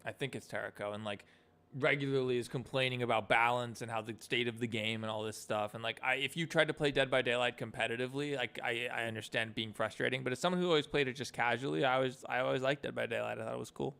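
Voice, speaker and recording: A man's voice: mid-range voice, steady tone, fast talker, gravelly, fairly bright tone, clean tone. A young man casually chatting on a live stream about animation, rambling with lots of fillers.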